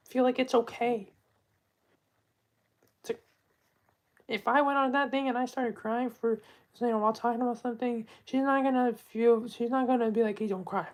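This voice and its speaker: A woman talking in a casual live stream monologue, soft-spoken and heartfelt, often trailing off and restarting her sentences. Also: a little high, rough recording.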